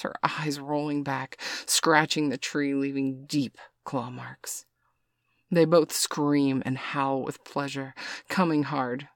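A man reading an adult story aloud in a slow, soft, even voice. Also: a little high, gravelly, dry recording, studio quality. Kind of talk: scripted adult story narration.

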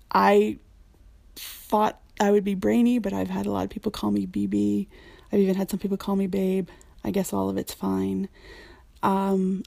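Casting: frank, chatty woman, mellow tone with a bit of vocal fry, dry close mic. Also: mid-range voice, dry recording. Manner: chatty, frank, with frequent ums and laughs. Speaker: community member answering a questionnaire. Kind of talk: casual spoken questionnaire.

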